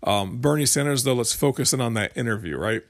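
A man's voice: mid-range voice, expressive, fairly quick. Man rambling through casual commentary. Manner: rambling, with restarts and explanatory examples. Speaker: political commentator. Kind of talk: casual commentary monologue to viewers.

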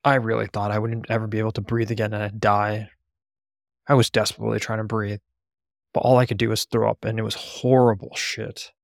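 A man's voice: fairly low pitch, level tone, normal speed, creaky, pauses often, dry recording, clean studio sound. A man narrating a first-person memoir in a blunt, profane storytelling manner.

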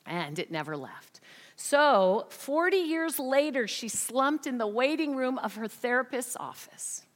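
A woman preaching a sermon through a story, swinging dramatically in loudness and often dropping to a whisper. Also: high-pitched, lively intonation, unhurried. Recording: long hall reverb.

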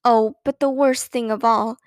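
A woman's voice: fairly high pitch, steady tone, a little slow, dry recording, clean studio sound, natural voice. A woman voicing a sensible, good-humored mother in a storybook reading. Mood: fond.

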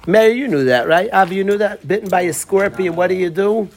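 A man's voice: high-pitched, fairly quick. A man teaching a Torah class, telling a story and quizzing his students by name.

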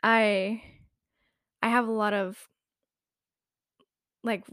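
A woman's voice: mid-range voice, flat delivery, drawn-out words, a bit bright, clear, resonant tone, dry recording, clean studio sound. A young woman talking casually and rambling, with lots of filler words and frequent laughs. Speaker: vlogger. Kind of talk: casual confessional chat.

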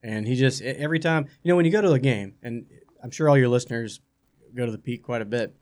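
A man's voice: mid-range voice, quick pace, a little mellow. A man talking casually as a guest on a sports talk show, chatty and often restarting his sentences. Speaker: guest baseball analyst.

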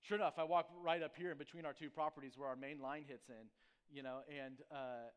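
A male pastor in a church sanctuary, his voice sitting a touch higher than most men's. He moves between prayer and a loose, self-mocking story full of fillers. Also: steady tone, brisk, clear, resonant tone. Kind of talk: sermon with prayer and personal story.

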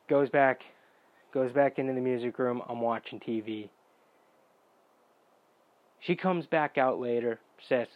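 A man's voice: mid-range voice, a little slow, pauses often, no room sound. Young male vlogger, exasperated and profane, storytelling; dull mic, dry room. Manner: profane, exasperated, bursts into shouting. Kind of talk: casual storytime rant.

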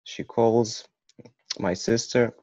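A man from Ukraine telling a personal story in a halting way, with many restarts. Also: medium pitch, fairly even intonation, warm tone, no echo. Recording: dull, muffled recording.

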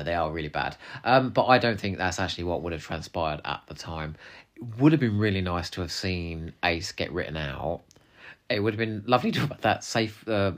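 A man's voice: deep voice, a bit bright. A man co-hosting a podcast, chatting casually and animatedly, laughing often with playful asides. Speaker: podcast co-host.

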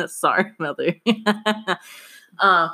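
A woman co-hosting a podcast in casual chat, a little raspy today, telling stories and laughing often. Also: lowish voice, drawn-out words, sharp tone, soft background music. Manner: laughs often, chatty storytelling. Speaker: podcast co-host.

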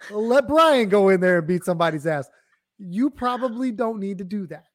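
A man's voice: high-pitched, lively intonation, moderate pace. A man co-hosting a sports podcast, explaining plays in laid-back slang. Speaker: guest co-host. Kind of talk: casual sports chat.

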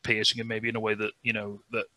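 Male co-host, rapid speech, a piercingly bright voice, chatty and questioning. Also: fairly low pitch, completely flat delivery, no room sound. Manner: rapid, lots of filler likes and tag questions. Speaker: wrestling podcast co-host. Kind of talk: casual chat.

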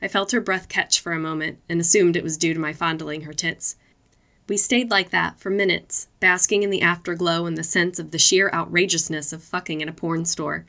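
A woman reading adult fiction aloud, in steady, unhurried narration. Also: lowish voice.

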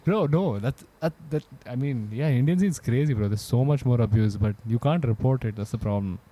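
A man's voice: mid-range voice, brisk, mellow. Laughing young man on a cheap mic. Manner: laughs often, loose and joking. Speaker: podcast co-host. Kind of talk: casual chat among friends. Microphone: cheap USB mic.

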